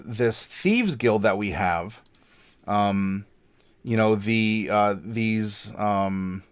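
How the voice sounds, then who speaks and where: A man hosting a casual tabletop game worldbuilding chat, talking loosely with many fillers and restarts. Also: fairly low pitch. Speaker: game master and show host.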